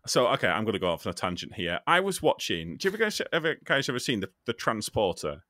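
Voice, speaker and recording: Animated podcast host, bright and lively. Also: male voice, fairly low pitch, fast, no echo, clean studio sound. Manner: animated, laughing, with many restarts. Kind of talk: casual podcast chat.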